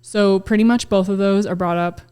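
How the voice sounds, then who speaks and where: A woman in her thirties talks candidly as a podcast guest, open and emotional. She swears freely and slips into voicing her own inner thoughts as quotes. Her voice sits at a middling pitch. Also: steady tone, normal speed, a little mellow, clear, resonant tone. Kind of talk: candid casual chat.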